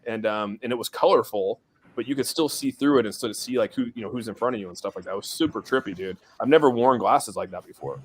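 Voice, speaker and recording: A man's voice: fairly low pitch, quick pace, breathy edge. A man hosting a casual crypto livestream from outside in a shed, rambling with lots of fillers. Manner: rambling, filler-heavy, laid-back. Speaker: crypto community stream host.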